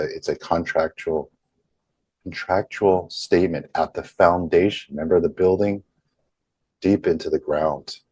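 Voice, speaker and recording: A man leading a group healing session over a video call, speaking slowly and deliberately and softly repeating affirmations. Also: a bass voice, husky, dry recording.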